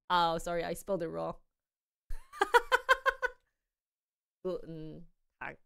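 Lively, smooth-voiced young woman streamer. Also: low-pitched. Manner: chatty, playful, thinking aloud while trying things out. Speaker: live streamer. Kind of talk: casual live-stream chat.

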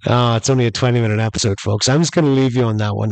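A man's voice: mid-range voice, very fast, no echo. A man hosting a podcast, telling a rambling story casually and calling his listeners folks. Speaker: podcast host.

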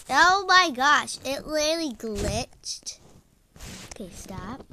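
A young woman giving casual commentary on her gameplay, often frustrated, exclaiming loudly, then dropping to whispers. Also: on the high side, noisy background. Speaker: gaming vlogger.

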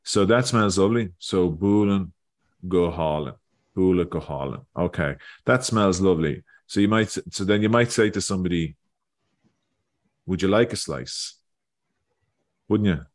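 With a low, animated voice at a moderate pace, the host of an Irish-learning video teaches a casual lesson on a video call. He thinks aloud as he works, repeating words along the way.

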